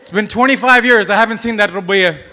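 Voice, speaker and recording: A man in his thirties from Bahrain performing a stand-up comedy set, telling stories with sudden loud outbursts and acted-out voices. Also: sits high, fast talker, slight background noise. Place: comedy stage before a live audience.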